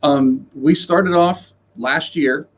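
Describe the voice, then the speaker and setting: A man's voice: on the high side, slow pace, husky. A man speaking as a guest on a casual podcast, blunt and rambling, restarting sentences and swearing. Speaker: guest, live sound engineer. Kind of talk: casual interview chat.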